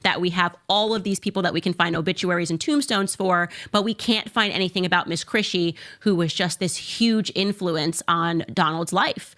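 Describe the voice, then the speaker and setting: A woman's voice: on the low side, a bit bright. A woman talking in an amped, incredulous rush, telling a story on a podcast. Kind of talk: animated podcast talk.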